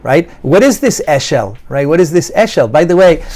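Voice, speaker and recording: Animated rabbi teaching a class. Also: male voice, on the high side, moderate pace. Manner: animated, asks students questions, repeats key phrases. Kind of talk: classroom Torah lesson.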